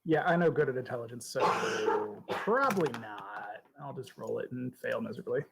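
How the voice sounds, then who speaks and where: A man's voice: medium pitch, lively intonation, normal speed, creaky, background noise. Helpful man explaining dice rolls. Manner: helpful, explanatory, self-deprecating. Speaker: player. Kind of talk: casual tabletop play over voice chat.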